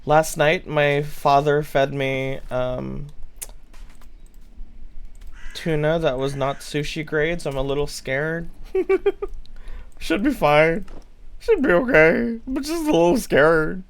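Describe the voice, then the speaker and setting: A man's voice: a little high, slow pace, smooth. A man streaming a game live, chatting playfully with his viewers, rambling and swearing freely. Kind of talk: casual live-stream chat while gaming.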